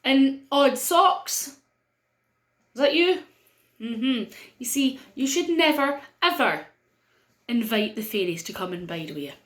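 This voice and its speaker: A middle-aged woman with a North-East Scottish accent telling a story to children in a playful way, with dramatic pauses. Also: high voice, expressive, a bit bright, echoey room.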